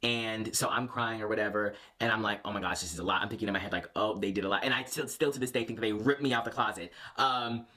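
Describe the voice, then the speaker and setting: Young man, casual vlogger, lively storyteller, bright forward voice, lowish pitch. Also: quick pace, hardly any pauses, soft background music. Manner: animated, lots of fillers and restarts.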